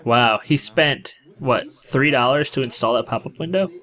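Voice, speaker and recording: A man co-commentating a card game match, animated and quick to question the players' choices. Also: medium pitch. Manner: animated, second-guesses plays, exclaims at players. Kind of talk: casual tournament commentary.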